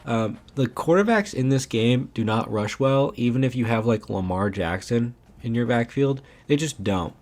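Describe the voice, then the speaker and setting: A young man giving casual, animated commentary over his own video game footage, ranting and saying "man" often. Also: medium pitch, normal speed, hardly any pauses. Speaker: gaming YouTuber.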